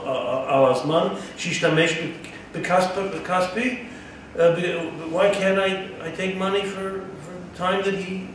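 A man giving a Torah-study lesson, reading a Hebrew text aloud, translating it, and asking his listeners rhetorical questions. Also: a little high. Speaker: Torah teacher. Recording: echoey room, distant mic, faint background noise.

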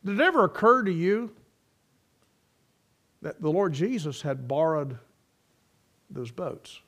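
A man preaching a sermon, swinging from loud ringing peaks to low, quiet storytelling. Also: very animated, slow pace.

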